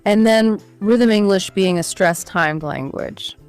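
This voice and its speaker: A woman's voice: mid-range voice, slow, a little mellow, clean tone, faint music behind. Woman co-hosting a lesson podcast. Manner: upbeat, walks through steps in order. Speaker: podcast co-host. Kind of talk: scripted educational podcast chat.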